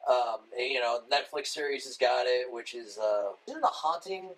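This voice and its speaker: Lively man in casual swearing chat. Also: medium pitch, moderate pace, rough recording. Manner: swearing, joking, mimics others in short bits. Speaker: podcast co-host.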